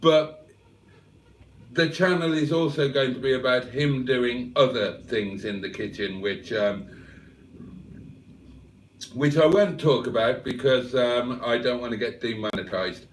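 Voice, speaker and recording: A man's voice: medium pitch, unhurried, pauses often, far from the mic, a little hiss or hum. A man from England hosting a casual livestream, reading the chat aloud with cheeky banter. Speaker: livestream host.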